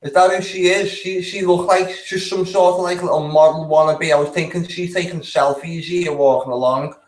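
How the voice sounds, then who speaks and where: A man's voice: a little high, fairly even intonation, moderate pace, roomy sound, low-quality recording. A man giving casual, blunt, sweary commentary while reacting to video clips, laughing often.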